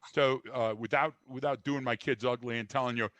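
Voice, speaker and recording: A man's voice: medium pitch, fairly even intonation, fairly quick, fairly bright tone, no echo, lo-fi sound. Blunt older man with a dry sound. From United States. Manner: blunt, emphatic, frequent restarts and fillers. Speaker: guest. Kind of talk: conversational interview.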